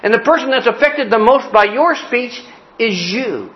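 Folksy man preaching a sermon, high voice. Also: expressive, normal speed, dull audio. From Cleveland, Ohio. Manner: folksy, joking preacher with repeated phrases. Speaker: pastor.

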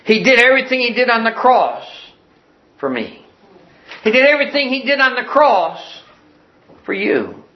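A man preaching a sermon with passion, dropping to a hush and then soaring and crying out. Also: very high voice, sing-song, normal speed, pauses often, muffled recording. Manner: impassioned, swinging from hushed to soaring.

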